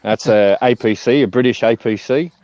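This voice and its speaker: A man's voice: mid-range voice, normal speed, darkish tone, dry recording, lo-fi sound. A man with an Australian accent chatting casually as a guest on a live stream, laid-back and laughing often. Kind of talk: casual chat.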